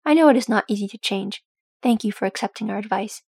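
A woman voicing a patient dwarf mother who speaks in a level, measured way. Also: mid-range voice, a little mellow, husky, no room sound, clean studio sound. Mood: calm.

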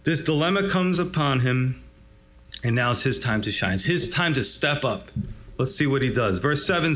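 A man's voice: a little high, a bit bright. A male pastor giving a conversational sermon on a scripture passage, acting out the quotes and chuckling now and then. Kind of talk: expository sermon.

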